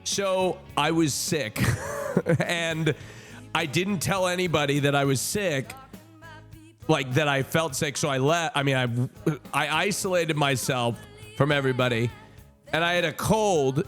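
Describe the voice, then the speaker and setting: Animated gay streamer telling a story. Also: male voice, measured pace, faint music behind. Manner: animated, swears, jumps between high indignant and low earnest tones. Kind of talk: casual storytelling to chat.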